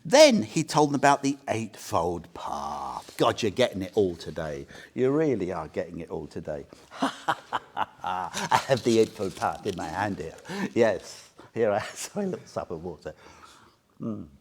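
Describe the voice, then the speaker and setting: In a meditation centre room, a male Buddhist teacher gives an informal talk to a small group, chatting, joking and frequently quizzing them. His voice is fairly low and slightly rough, very animated yet measured in pace.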